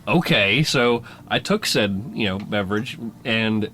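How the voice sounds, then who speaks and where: Jokey rambling man, low voice. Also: unhurried, fairly bright tone, slight background noise. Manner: jokey, rambling, laughs often. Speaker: podcast co-host. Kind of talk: casual chat.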